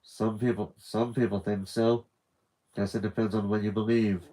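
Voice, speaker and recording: A man voicing a guarded young man who speaks in a quiet, terse way. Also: on the low side, little pitch movement, moderate pace, close to an everyday voice, poor audio.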